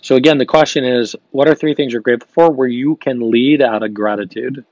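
A young adult man hosting a live gratitude show, talking in an energetic, upbeat coaching manner, reading viewer comments and repeating phrases for emphasis. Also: medium pitch, brisk, no room sound. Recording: dry, slightly dull stream audio.

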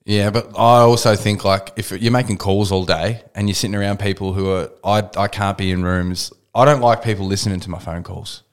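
A man's voice: fairly low pitch, steady tone, brisk, hardly any pauses, clean tone. A man co-hosting a casual podcast in a studio, blunt and swearing casually. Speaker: podcast co-host. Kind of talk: casual chat. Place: small studio.

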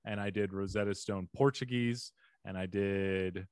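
A man's voice: lowish voice, steady tone, unhurried, smooth, no echo, studio quality. A man hosting a comedy podcast over a remote call, joking and ad-libbing playfully in casual chat. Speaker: podcast host.

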